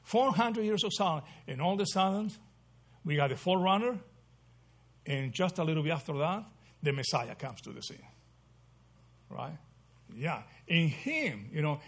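Husky man leading a Bible study. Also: a little high, animated, measured pace. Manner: asks the group questions, repeats "right?" often. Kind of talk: interactive Bible study teaching.

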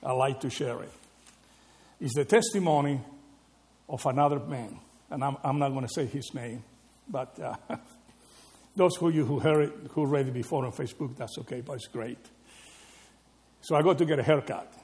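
A man preaching a sermon, animated and conversational, often asking his listeners "right?". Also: mid-range voice, normal speed, pauses often. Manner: animated, rhetorical questions with frequent "right?". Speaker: pastor.

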